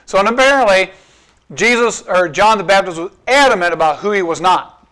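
A pastor preaching a conversational sermon, asking his listeners rhetorical questions and slowing down to stress key points. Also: sits high, animated, sharp tone. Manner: asks the congregation rhetorical questions, slows down for emphasis.

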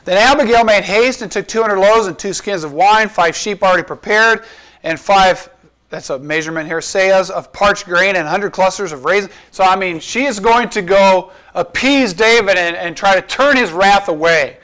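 Guy preaching a sermon, pretty high voice, chatty, keeps asking the congregation questions. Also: moderate pace, a bit bright. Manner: conversational, explains scripture with rhetorical questions. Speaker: pastor.

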